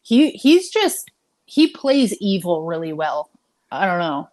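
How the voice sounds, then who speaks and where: A woman's voice: fairly low pitch, big pitch swings, takes it slowly, darkish tone. A woman co-hosting a live wrestling watch-along, talking casually, laughing often, hedging with fillers and swearing now and then. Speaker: live stream co-host.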